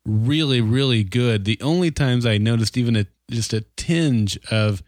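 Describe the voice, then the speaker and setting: A man's voice: mid-range voice, normal speed, no echo, clean studio sound. A man co-hosting a podcast, talking casually and hesitantly, often repeating words as he thinks. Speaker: podcast co-host. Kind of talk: casual TV discussion.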